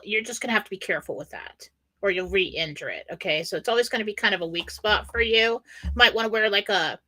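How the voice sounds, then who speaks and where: A woman's voice: medium pitch, bright, forceful tone. A woman on a live show giving psychic readings in a chatty, loose way. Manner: chatty, lots of fillers and restarts. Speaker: psychic reader. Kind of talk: casual live show chat.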